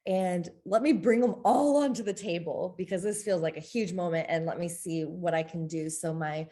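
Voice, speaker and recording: A woman speaking as a podcast guest in a candid interview, open and expressive, often breaking into laughter. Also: fairly low pitch, normal speed.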